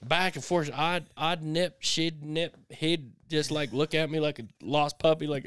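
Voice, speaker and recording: Middle-aged guy rambling thru a story on a podcast, smooth clean voice, dry close mic. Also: a little high, moderate pace, dry recording. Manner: rambling, animated storyteller with restarts and sound effects. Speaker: podcast co-host. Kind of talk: casual storytelling chat.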